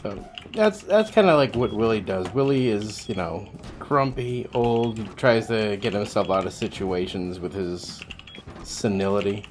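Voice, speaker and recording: A man's voice: on the low side, measured pace, slight background noise. A man streaming a game, chatting casually with viewers while he plays, rambling and swearing freely. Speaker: livestreamer.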